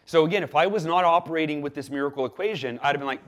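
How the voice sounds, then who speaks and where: A man guest on an interview show, telling a story in a lively way and acting out the quoted dialogue. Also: fairly high pitch, racing. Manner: animated, acts out quoted dialogue with lively swings in loudness. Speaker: podcast guest.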